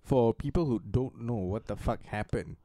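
Guy on a podcast, mellow dark voice, dry close sound, rambles and swears. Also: medium pitch, normal speed, dry recording. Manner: loose, swearing, explains at length. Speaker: podcast co-host. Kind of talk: casual podcast chat.

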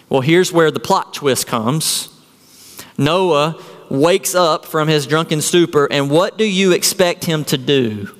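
A male pastor delivers a sermon in an earnest, questioning manner. His voice sits a little high for a man. Long reverb from a big hall trails behind each phrase. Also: takes it slowly. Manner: earnest preaching with rhetorical questions.

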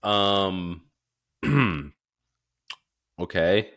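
Low-voiced male co-host, casual and profane. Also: very slow, gravelly, fairly bright tone, smooth. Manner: crude, laid-back banter, heavy swearing. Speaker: podcast co-host. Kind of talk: casual chat.

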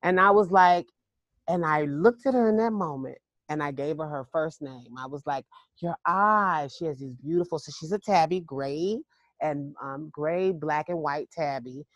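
A woman's voice: low-pitched, moderate pace, dry recording. A woman casually telling a long personal story to listeners in a chatty, emphatic way with frequent restarts.

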